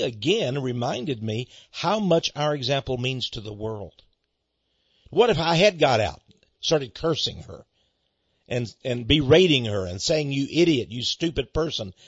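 A man's voice: medium pitch, fairly bright tone, breathy edge, no echo. A male pastor giving a folksy, storytelling sermon on a dull, lo-fi recording. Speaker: pastor and ministry head. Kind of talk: radio sermon monologue.

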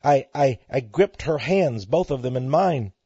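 Fervent Texan preacher, husky and lively. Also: male voice, mid-range voice, measured pace, no echo. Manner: fervent, swells loud on key words, repeats words. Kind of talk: preached radio sermon. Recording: dry, muffled lo-fi recording.

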